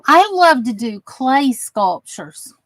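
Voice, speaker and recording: A woman's voice: high-pitched, very animated, slow, slight background noise, low-quality recording. A woman with a Southern US accent, chatting casually with viewers on her craft channel while she works, using folksy phrases. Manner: chatty, warm-hearted, drawling with folksy phrases.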